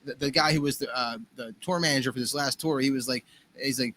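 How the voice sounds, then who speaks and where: A man's voice: mid-range voice, fairly even intonation, fast talker, a bit bright, a little hiss or hum. An American man, a guest musician, telling stories in casual podcast talk with many fillers and restarts. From United States. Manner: rambling, full of fillers and restarts.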